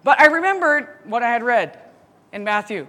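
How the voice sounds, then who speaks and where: Woman Bible teacher, animated storytelling, slightly high voice, long hall reverb. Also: moderate pace.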